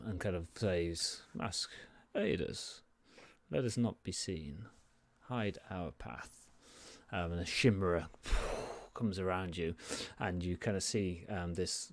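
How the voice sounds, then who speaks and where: Man, game master, low voice, dry close sound, hesitant narration, many fillers. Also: no room sound.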